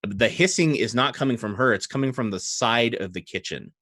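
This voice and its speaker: Guy game mastering, lively up and down voice, dry close mic. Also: mid-range voice, fairly quick, no echo. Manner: relaxed, conversational, with fillers. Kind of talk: narrating a tabletop game.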